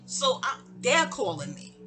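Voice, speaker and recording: A woman's voice: unhurried, over music. A middle-aged woman telling a long, rambling personal story and acting out the people in it. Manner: animated, digressive, acts out quoted voices with sharp pitch jumps.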